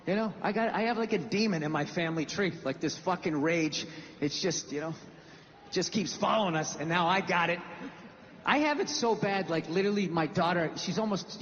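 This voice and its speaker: A man's voice: high-pitched, fairly bright tone, slight background noise. A man doing a stand-up rant in a confessional, profane way. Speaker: stand-up comedian. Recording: dull, echoey theater recording.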